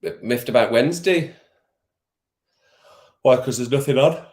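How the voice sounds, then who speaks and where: A man's voice: medium pitch, unhurried, a little mellow. A man hosting a casual football watch-along stream, chatting with viewers by name and laughing often. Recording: roomy echo.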